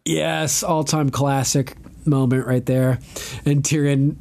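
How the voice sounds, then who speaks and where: A male podcast host recapping a TV episode in relaxed, casual chat. He is animated, laughs often and swears freely. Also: mid-range voice, slow, gravelly.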